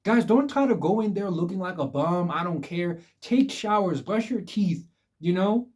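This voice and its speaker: A man's voice: sits high, animated, normal speed, a little mellow, slightly rough. Emphatic young man giving blunt advice. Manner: emphatic, repetitive, addresses viewers as guys. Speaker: vlogger giving life advice. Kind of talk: casual direct-to-camera advice talk.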